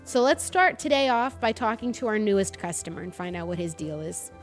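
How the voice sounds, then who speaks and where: Young woman, light North Jersey accent, gaming commentary, lively up-and-down voice, faint music behind. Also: mid-range voice, brisk. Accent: North New Jersey. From North New Jersey. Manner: chatty, animated, self-deprecating. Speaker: streamer.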